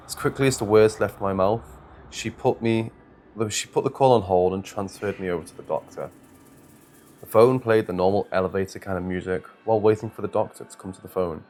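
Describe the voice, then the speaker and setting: A low-voiced man reads a first-person horror story in a measured, scripted way. A faint hiss sits under his voice. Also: a little mellow.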